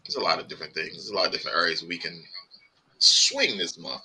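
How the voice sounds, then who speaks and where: A man hosting a laid-back podcast, his voice bright and sharp with big swings in pitch. He curses freely and gets worked up as he talks. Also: fast, vocal fry, rough recording. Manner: profane, animated, laughing often. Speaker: podcast host. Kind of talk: casual podcast chat.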